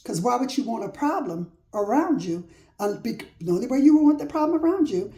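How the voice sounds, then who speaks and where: In a sing-song, dark-toned voice on the high side, a woman speaks fairly quickly through a casual faith-based motivational talk. She leans on emphatic repetition in a preacher's cadence and plain, folksy expressions, recorded with roomy echo.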